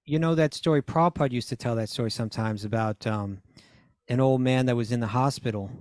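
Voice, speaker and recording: A man's voice: mid-range voice, fast, a little mellow, no room sound, clean studio sound. A man co-hosting a spiritual podcast, teasing his partner and steering the talk back to its point. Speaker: podcast co-host. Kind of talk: casual spiritual chat.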